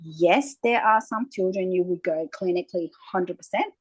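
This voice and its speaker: A woman's voice: fairly low pitch, normal speed, husky, no room sound, low-quality recording. A woman, a naturopath guest talking at length in an interview and acting out little exchanges as she tells stories. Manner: animated storyteller, acting out quoted exchanges. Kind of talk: conversational interview.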